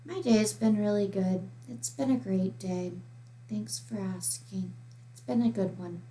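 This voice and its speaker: Woman putting on a quiet glum voice. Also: mid-range voice, a little slow, a little hiss or hum, natural voice. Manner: quiet, flat, mumbling toward the floor. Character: sad woman pretending her day is fine.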